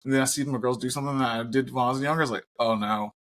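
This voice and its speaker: A man co-hosting a podcast, telling stories in casual chat, animated and given to swearing. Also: mid-range voice, very fast. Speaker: podcast co-host.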